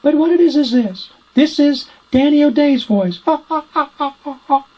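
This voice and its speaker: A man teaching ventriloquism in a high falsetto voice. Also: normal speed, lo-fi sound. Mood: explaining. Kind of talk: instructional demonstration.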